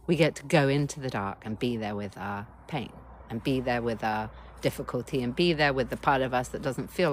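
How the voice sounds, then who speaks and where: A woman, a mental health coach, talking gently to viewers on a livestream and coaxing them to respond. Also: very deep voice, a little hiss or hum. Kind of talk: livestream talk.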